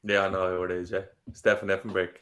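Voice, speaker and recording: A man's voice: deep voice, completely flat delivery, quick pace, fairly bright tone. A man taking part in a casual football quiz podcast, answering with confidence. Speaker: quiz contestant.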